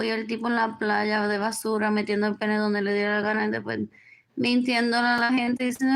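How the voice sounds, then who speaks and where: A woman in her forties, the host of a livestream, rambles through a monologue in a fairly high, creaky, flat voice at a fast clip. She repeats herself, sinks into near-whispers, and moves back and forth between English and Spanish.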